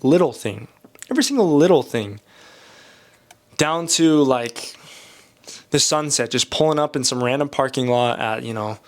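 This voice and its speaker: A young man with a slightly nasal voice from a cold, talking casually and candidly while drawing, rambling and joking at his own expense. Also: mid-range voice. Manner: candid, rambling, self-deprecating. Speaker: art channel host.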